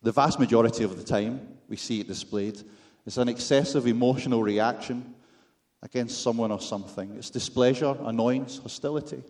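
A man's voice: medium pitch, normal speed, a little mellow. A man with a Scottish accent preaching a sermon, with wry, self-deprecating humor and rhetorical questions to the congregation.

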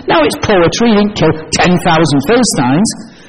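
A man preaching a sermon, animated and storytelling, acting out the voices of people in his examples. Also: very high voice, normal speed, poor audio.

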